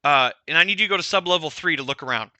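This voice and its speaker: Give me a fussy, hesitant young halfling, voiced by a man, bright and dry. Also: fairly high pitch, racing, dry recording.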